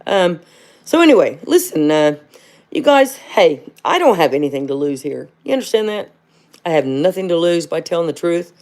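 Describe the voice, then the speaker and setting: A woman's voice: on the low side, sing-song, normal speed, darkish tone. Chatty woman on a livestream. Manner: chatty, rambling, calls viewers honey; fired-up, rhetorical questions. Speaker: livestream host. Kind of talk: casual livestream talk.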